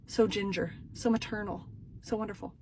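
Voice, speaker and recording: A woman's voice: medium pitch, fairly even intonation, normal speed, slight background noise. Dramatic self-mocking woman telling a story. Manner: dramatic, swings between loud and hushed asides; self-mocking, punchy short sentences. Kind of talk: comedic storytelling to camera.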